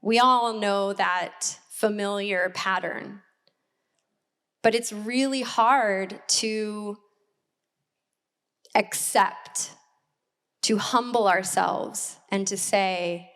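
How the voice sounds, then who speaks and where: A woman in her forties, an assistant pastor preaching a sermon in a church hall, candid and personal, with reflective pauses. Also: medium pitch, a bit bright, clean tone.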